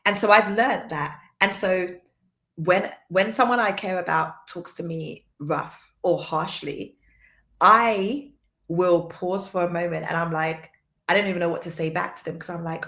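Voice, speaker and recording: A woman giving a livestream faith teaching, soft-spoken and earnest, repeating points for emphasis. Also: fairly low pitch, unhurried. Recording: roomy echo.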